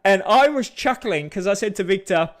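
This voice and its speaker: A man's voice: expressive, normal speed. A middle-aged Australian man talking on his vlog, ranting bluntly and casually about how people react to words. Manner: blunt, ranting, mocks others in high put-on voices. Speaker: vlogger. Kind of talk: casual opinion rant.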